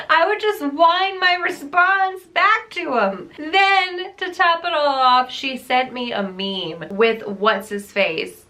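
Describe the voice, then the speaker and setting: Slow-talking woman with a bright voice. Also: high-pitched. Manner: exasperated, emphatic, often laughing. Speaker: book reviewer. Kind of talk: casual ranting book wrap-up.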